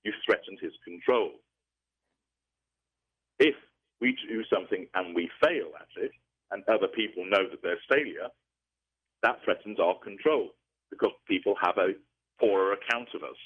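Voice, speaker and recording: A man explaining things in a measured, lecturing way during an interview, heard over a tinny phone-like line. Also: lowish voice, husky. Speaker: interview guest.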